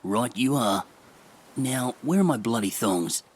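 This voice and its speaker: A man's voice: mid-range voice, animated, measured pace, slightly rough, voice pushed up. A man doing a dry, joking bloke. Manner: dry, laid-back.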